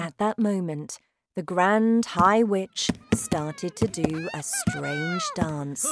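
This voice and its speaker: A woman narrating a children's storybook aloud in a slow, deliberate, expressive way. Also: on the low side, a little hiss or hum. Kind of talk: storybook reading.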